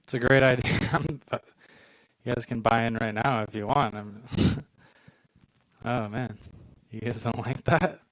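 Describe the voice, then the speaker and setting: A man's voice: mid-range voice, measured pace, long pauses, no room sound, poor audio. Dry-voiced young man doing stand-up. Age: 20s. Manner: deadpan, self-deprecating delivery with short punchlines. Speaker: stand-up comedian. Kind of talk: stand-up comedy set. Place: comedy club stage.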